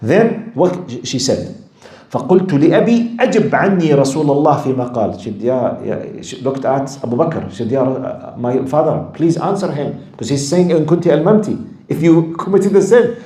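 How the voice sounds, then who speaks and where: A man giving a religious lecture, telling stories in a lively way and acting out the quoted lines. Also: fairly high pitch, quick pace, echoey room. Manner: animated storytelling, acts out quoted lines, laughs with audience. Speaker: Islamic lecturer.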